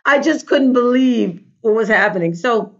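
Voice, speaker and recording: A woman, a life coach, telling an animated story in a casual interview and acting out the voices of the people she quotes. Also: on the high side, normal speed, vocal fry. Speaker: guest, life coach and trainer. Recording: dull lo-fi recording.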